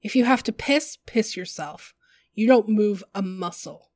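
A woman's voice: mid-range voice, lively intonation, measured pace, darkish tone, no room sound. A woman voicing a crude, menacing female villain who barks profane orders. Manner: coarse, profane, commanding.

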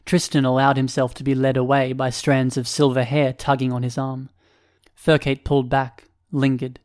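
A man with a medium-pitched voice narrates an audiobook. His reading is scripted, even and measured.

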